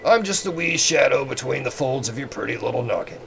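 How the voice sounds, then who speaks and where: A man's voice: medium pitch, lively intonation, fairly quick, gravelly, fairly bright tone, slight background noise. A man voicing a sly, shadowy male trickster spirit from a video game, with a theatrical, mocking manner.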